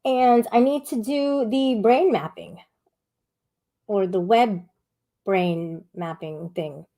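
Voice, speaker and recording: Slow and mid-range in pitch, a woman hosts a casual live-stream panel. She reads the chat out loud and scolds viewers, rambling and sharp in tone.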